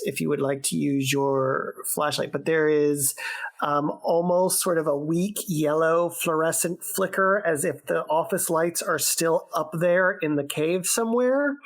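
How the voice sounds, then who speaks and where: Slow creaky-voiced woman running the game. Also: sits low. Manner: hesitant, filler-heavy descriptive narration. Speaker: dungeon master. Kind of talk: narrating a tabletop game. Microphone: remote call.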